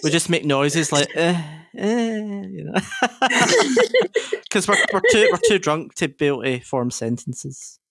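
A Scottish woman hosts a casual podcast chat, laughing often between her questions. Her voice sits low and swoops up and down with lively expression. The sound is dry and close, with no room behind it. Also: a little slow, vocal fry, dry recording. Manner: giggly, chatty. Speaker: podcast host.

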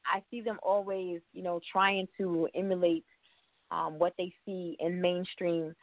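A woman's voice: on the low side, flat delivery, a little slow, no room sound. A woman hosting an interview, chatty and full of fillers. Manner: chatty, warm introductions with fillers. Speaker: radio show host. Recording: tinny phone-like line.

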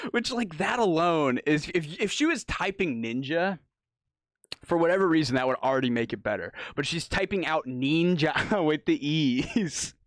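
A man's voice: fairly high pitch, fairly bright tone, dry recording. A man riffs in casual podcast chat, openly mocking what he is reacting to and breaking into laughter often. He swears freely. His voice is dry and close to the mic. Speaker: podcast co-host.

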